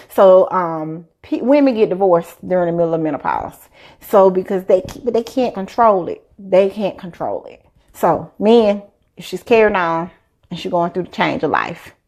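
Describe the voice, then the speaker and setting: On a live stream, a female doctor with a voice on the low side shares health advice at a moderate pace. She's a lively storyteller in a casual chat, performing the quotes as she goes.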